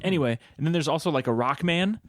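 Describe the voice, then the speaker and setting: A man's voice: on the high side, animated, fast talker, no room sound, studio quality. A man co-hosting a casual video game podcast, rambling and teasing his co-host. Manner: teasing, rambling, many fillers.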